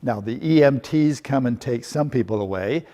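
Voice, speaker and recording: A man's voice: mid-range voice, animated, moderate pace, warm tone, long reverb tail. A middle-aged man presenting a workshop, telling a humorous story with rhetorical questions in a lecture style. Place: seminar room.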